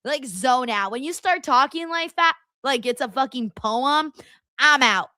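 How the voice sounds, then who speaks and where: Chatty woman streamer, high bright voice, dry close sound, blunt and rambly. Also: measured pace, no echo. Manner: chatty, blunt, full of fillers and asides to chat. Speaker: livestream host. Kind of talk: casual live watchalong commentary.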